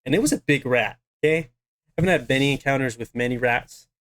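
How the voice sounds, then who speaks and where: A young man in his twenties telling a personal story to camera in a casual, animated and dramatic way. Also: medium pitch, a little fast.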